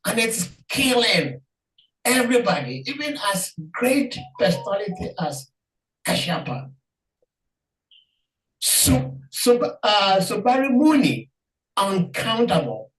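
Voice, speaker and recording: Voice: medium pitch, very animated, slow pace, pauses often. A participant on a video call speaking earnestly and hesitantly, reflecting on a prayer. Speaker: participant and moderator. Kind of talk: reflective casual talk. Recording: echoey, distant call audio.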